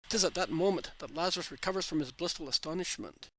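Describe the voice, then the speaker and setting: A man reading religious narration in an even, measured way. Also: fairly high pitch, no room sound, poor audio. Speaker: reader.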